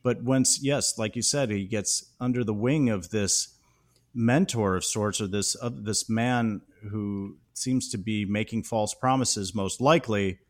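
A man's voice: fairly low pitch, measured pace. A man co-hosting a podcast, talking through a film scene in a thoughtful, analytical way. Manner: thoughtful, analytical, animated when praising. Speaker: podcast co-host. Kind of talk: casual film discussion.

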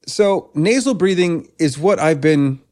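A man working as a breathwork coach, talking casually in an interview, animated and self-deprecating with frequent restarts. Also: a little high, a little slow.

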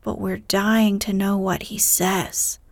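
A woman voicing an eager, excited young woman, Jo, in a whispered role-play, gushing in a breathless whisper. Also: medium pitch, slow, gravelly, no echo.

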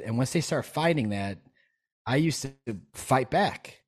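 Emphatic, animated man on a podcast. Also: mid-range voice, unhurried. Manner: animated, emphatic, swears freely, acts out quoted people. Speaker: podcast guest. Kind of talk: casual podcast conversation.

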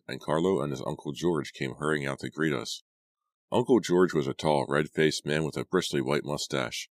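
A man reading a young adult horror novel aloud as a steady audiobook narrator. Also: rumbling low, dry recording. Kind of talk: scripted narration.

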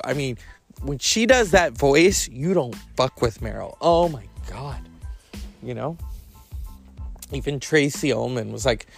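A man's voice: mid-range voice, animated, measured pace, gravelly, pauses often, breathy edge, soft background music. A man hosting a podcast, riffing through a profane comic monologue with camp asides. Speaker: podcast host.

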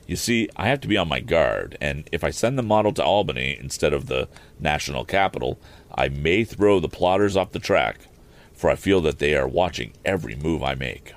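A man's voice: low-pitched, creaky, full character voice. A man voicing a worried middle-aged inventor and father who explains things earnestly.

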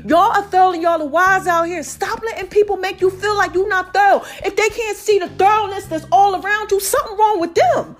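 A high-pitched woman talking straight to her viewers in a loose, upbeat vlog. She is playful and laughs easily, and she keeps calling them "baby" and "y'all" as she hands out life advice. Soft music plays faintly underneath. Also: steady tone, brisk, few pauses. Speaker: vlogger giving life advice. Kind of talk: casual motivational talk to viewers.

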